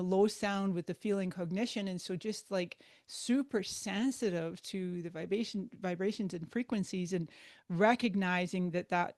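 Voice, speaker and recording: A woman's voice: medium pitch, dry recording. Woman guest in a chatty interview, bubbly and laughy, dry close sound. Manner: animated, laughs often. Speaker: guest speaker. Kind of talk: casual interview talk.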